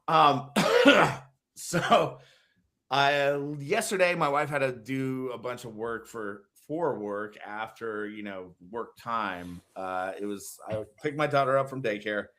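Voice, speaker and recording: A man in his thirties, a podcast co-host chatting casually and acting out lively stories. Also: mid-range voice, takes it slowly. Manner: animated storyteller, acts out voices with shouts. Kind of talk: casual chat.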